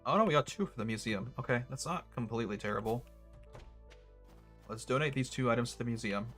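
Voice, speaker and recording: Chatty young man thinking out loud. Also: medium pitch, fast, soft background music. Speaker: gaming streamer. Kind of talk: casual let's-play commentary.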